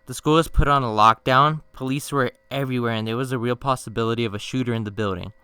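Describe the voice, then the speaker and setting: A young man telling funny stories on his channel in a slangy, swearing casual style, with bursts of mock-outraged yelling. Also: mid-range voice, steady tone, fast talker, smooth, dry recording. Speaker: storytime youtuber. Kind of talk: casual storytime narration.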